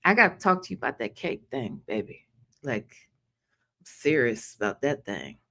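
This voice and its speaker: A woman's voice: extremely low pitch, sing-song, moderate pace, bright, forceful tone. A woman hosting a casual livestream, chatting and greeting viewers by name. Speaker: livestream host.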